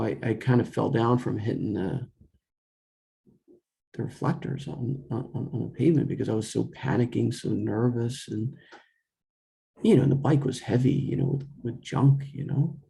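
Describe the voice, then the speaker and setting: A man's voice: mid-range voice, vocal fry, warm tone. A young man telling a rambling personal story in a casual way, full of fillers and restarts, quoting himself and others. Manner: quotes himself and others in dialogue.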